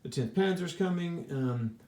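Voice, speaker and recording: A man's voice: a little high, expressive, unhurried, dark tone. Rambling man in an echoey room. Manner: rambling, restarts sentences, many fillers. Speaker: board wargame player reviewing his game. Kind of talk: casual thinking-aloud analysis.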